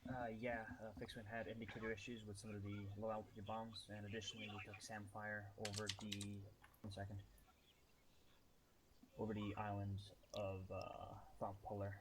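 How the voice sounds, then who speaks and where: A man reporting as a fixed-wing pilot over game voice chat, halting and pausing mid-report. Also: fairly low pitch, completely flat delivery. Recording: clear background noise, keyboard typing.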